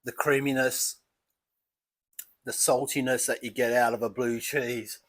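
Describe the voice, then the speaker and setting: An Australian man reviewing beer in a casual home vlog, chatty and relaxed, talking as he eats and drinks. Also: medium pitch, unhurried. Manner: relaxed, chatty, thinking aloud while eating and sipping.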